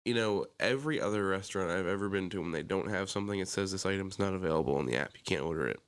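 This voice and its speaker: A man co-hosting a casual podcast, telling stories in an animated way and acting out his own anger. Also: low voice, racing, smooth. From Pennsylvania. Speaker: podcast co-host. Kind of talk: casual chat.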